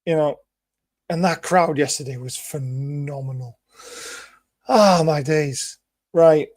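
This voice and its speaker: A hoarse, excitable man hosts a live fan celebration show, laughing between lines. His voice sits a little high and sounds close and dry, with no room around it. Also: slow, no room sound. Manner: excitable, laughing, hung over. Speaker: host. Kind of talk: casual chat.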